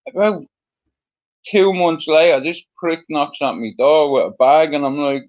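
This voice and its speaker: A man's voice: a little high, a little slow. A middle-aged man from Ireland with a Dublin accent, a guest telling his story in a rambling, casual way, full of fillers and swearing. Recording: dull lo-fi sound.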